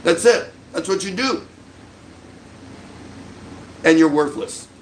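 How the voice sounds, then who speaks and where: A man's voice: on the high side, expressive, takes it slowly, a little hiss or hum, rough recording. A middle-aged man hosting a livestream, delivering an angry, sarcastic rant full of insults. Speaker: livestream host.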